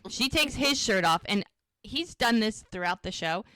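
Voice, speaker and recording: A woman co-hosting a TV rewatch podcast, retelling scenes in a lively, chatty way and acting out the characters' lines. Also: mid-range voice, moderate pace, no echo. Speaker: podcast co-host. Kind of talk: casual rewatch podcast recap.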